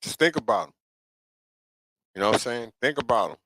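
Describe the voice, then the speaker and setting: A man's voice: mid-range voice, lively intonation, fairly quick, fairly bright tone, no echo, poor audio. A middle-aged man hosting a live talk show, talking casually and preachily to his viewers and asking "you know what I'm saying?" again and again. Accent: New York. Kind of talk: casual livestream monologue.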